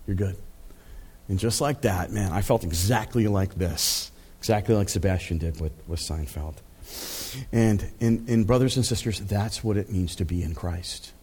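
A man's voice: low-pitched, moderate pace, a little mellow, breathy edge. Chatty male pastor telling a story. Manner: conversational storytelling with frequent fillers and laughs. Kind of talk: sermon.

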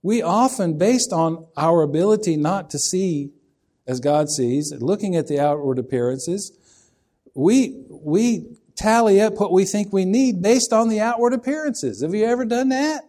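Male preacher, mellow tone, folksy sermon delivery that asks the listeners questions. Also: high-pitched, expressive, unhurried.

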